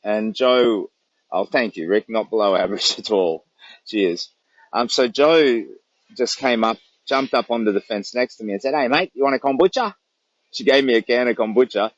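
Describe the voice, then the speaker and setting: An Australian man, camped outdoors in the bush during a long charity walk, chats casually to a phone livestream, telling rambling, warm stories with a laugh. His voice is fairly low and moderately paced, and the recording is muffled with no echo.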